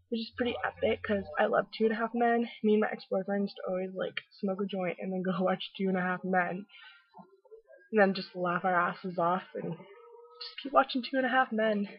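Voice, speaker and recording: A woman's voice: mid-range voice, fairly quick. A chatty young woman, talking casually to her camera at home in a gossipy vlog. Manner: chatty, gossipy, acts out quoted people. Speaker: vlogger. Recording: dull, dry lo-fi webcam audio.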